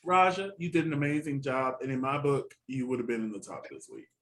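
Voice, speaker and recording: A man co-hosting a casual review chat, animated and laughing often. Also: medium pitch, fairly quick, poor audio. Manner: chatty and animated, laughs often, quotes reactions. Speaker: co-host reviewing a TV competition.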